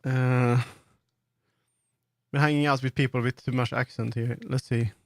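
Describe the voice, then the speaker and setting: A man's voice: medium pitch, steady tone, a little slow, no echo, studio quality. A man with a Swedish accent, streaming and chatting casually as he builds in 3D, rambling with many fillers and restarts. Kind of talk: casual live-stream commentary while working in 3D.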